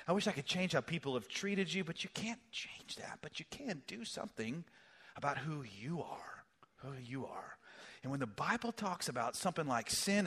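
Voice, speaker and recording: Animated man preaching a sermon. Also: a little high. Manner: animated, swings from loud emphasis to hushed whispers. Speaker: pastor.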